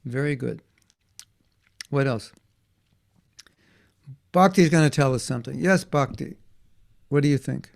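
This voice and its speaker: Man, children's teacher, animated storytelling, gravelly voice. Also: medium pitch, measured pace, pauses often. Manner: animated, acts out voices in quotes.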